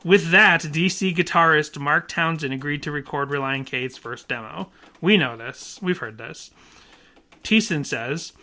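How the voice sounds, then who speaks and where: A man hosting a podcast, casually reading an article aloud with quick asides and chuckles. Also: on the high side, pushed and bright. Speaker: podcast host.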